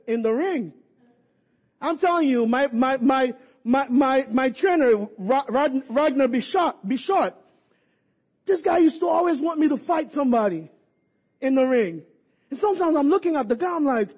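A man preaching a sermon with passion, at times rising to shouts, repeating and stumbling over words. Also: extremely high pitch. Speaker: pastor. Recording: dull lo-fi recording.

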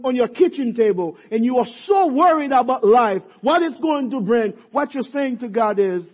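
A man preaching a sermon, impassioned, dropping soft and rising to shouted peaks. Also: extremely high pitch. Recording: muffled lo-fi sermon recording.

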